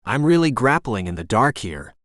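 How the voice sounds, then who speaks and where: A caring, patient man, as a male narrator reads him offers gentle reassurance. His voice sits mid-range, and the recording is dry and close. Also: medium pitch, big pitch swings, normal speed, dry recording. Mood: reassuring.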